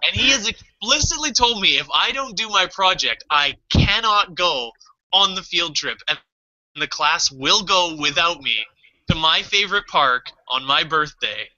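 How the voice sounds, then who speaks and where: A man co-hosting a podcast, telling a personal story in casual chat, animated and swearing often, acting out his own past panic. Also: high-pitched, measured pace. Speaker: podcast co-host. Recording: dull lo-fi podcast audio.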